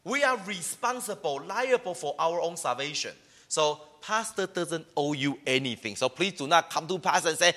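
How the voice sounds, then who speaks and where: A male pastor preaching with a lively, bouncing delivery. His voice is bright and forward, and his pitch sits a little above the usual for a man. He acts out the complaints of his listeners as he teaches. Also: moderate pace. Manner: animated, mimics complaining voices. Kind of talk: sermon.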